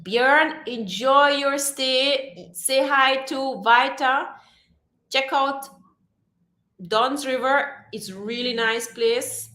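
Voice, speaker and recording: A woman hosts a relaxed livestream, speaking slowly in a slightly high voice as she reads viewer comments and laughs often. Her voice carries the echo of a roomy space. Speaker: livestream host. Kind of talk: casual livestream chat. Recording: echoey room.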